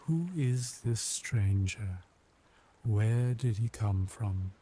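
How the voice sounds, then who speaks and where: A man narrating a bedtime story for sleep in a soothing, unhurried way. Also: fairly low pitch, low-quality recording. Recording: steady ambient background noise. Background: ambient sea sounds.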